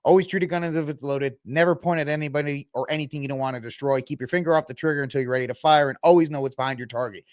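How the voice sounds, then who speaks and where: A man's voice: a little high, racing, few pauses, dry recording, studio quality. A man hosting a casual commentary podcast, sarcastic and mocking, often putting on voices to quote people. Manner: sarcastic, animated, mocking voices when quoting. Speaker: podcast host.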